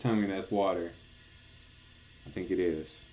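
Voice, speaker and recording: A man's voice: sits low, fairly even intonation, a little slow, pauses often, mellow. A man reading through the Bible, breaking off into playful, chatty asides. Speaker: Bible reader and narrator. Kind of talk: casual Bible reading with commentary.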